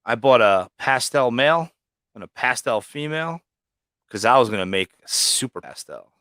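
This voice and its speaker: A man in casual livestream chat, loose and profane, telling stories about his snakes with lots of cursing. He throws himself into acting out quotes. His voice sits at an ordinary pitch and sounds dry and close, with no room around it. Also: lively intonation, moderate pace, no room sound. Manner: profane storyteller, acts out quotes loudly. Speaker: livestream guest, snake breeder.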